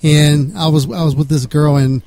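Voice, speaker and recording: A man's voice: fairly high pitch, fairly even intonation, normal speed, darkish tone. A man co-hosting a radio show, telling a rambling anecdote with frequent chuckles. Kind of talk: casual storytelling on radio.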